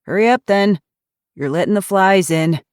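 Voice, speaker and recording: A woman voicing a grumpy retired male detective in his sixties, hoarse, with a Yooper twang and curt, suspicious speech. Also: high-pitched, normal speed, dry recording, studio quality, voice pushed up, close to an everyday voice. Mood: gruff. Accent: Yooper (Upper Michigan). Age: 60s.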